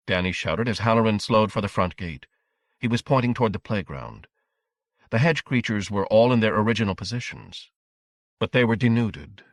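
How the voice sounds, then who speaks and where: Low-voiced man narrating an audiobook. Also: no echo, studio quality. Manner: measured, dramatic storytelling.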